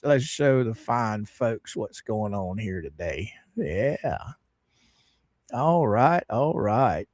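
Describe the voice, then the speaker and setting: A man's voice: on the low side, no echo, studio quality. A man hosting a casual livestream, laughing often and greeting viewers in the chat. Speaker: livestream host.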